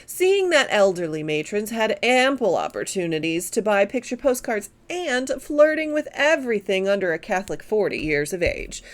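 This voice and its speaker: A woman reading a novel aloud with expressive storytelling while she knits. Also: a little high. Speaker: reader and knitter.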